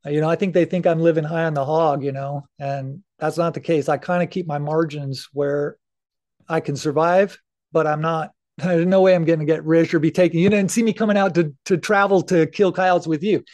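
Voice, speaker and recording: A man's voice: fairly high pitch, steady tone, fairly quick, darkish tone. A middle-aged man talking candidly as a podcast guest, earnest and casual, swearing now and then. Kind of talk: casual interview talk.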